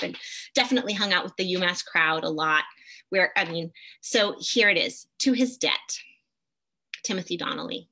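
A woman's voice: medium pitch, bright, forceful tone. A middle-aged woman teaching a poetry masterclass, enthusiastic and reading poems aloud with expression. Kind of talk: masterclass lecture with poem readings.

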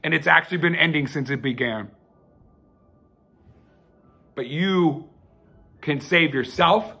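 A man's voice: fairly high pitch, takes it slowly, vocal fry, bright, forceful tone, breathy edge, faint music behind. A man hosting his own loose, rambling sermon, heartfelt and profane, with frequent restarts. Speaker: self-styled televangelist host.

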